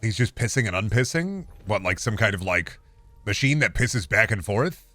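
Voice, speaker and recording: A married man streaming a video game, rambling sarcastically and insisting in mock calm that he is not mad. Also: fairly low pitch, normal speed, no echo. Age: adult, married. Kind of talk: casual gameplay chat.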